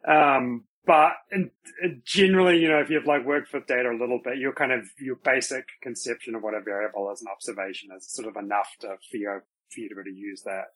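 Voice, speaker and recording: Halting New Zealand man explaining things. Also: mid-range voice, steady tone, fairly bright tone, low-quality recording. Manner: thoughtful, halting, self-deprecating. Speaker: guest. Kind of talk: explaining in an interview.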